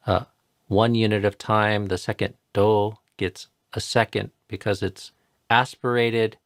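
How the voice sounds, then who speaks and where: A man's voice: on the low side, dry recording, clean studio sound. A man patiently explaining and modeling pronunciation in a live chanting tutorial. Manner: patient, explanatory, repeats words slowly to model sounds. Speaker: chanting teacher.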